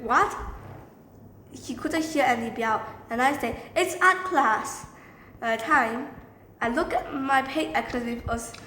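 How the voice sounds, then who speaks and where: A woman telling a story from her time as a teacher, rambling casually and leaning on filler words. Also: on the high side. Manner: rambling, repeats filler phrases. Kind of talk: storytime narration. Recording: echoey room with faint background noise.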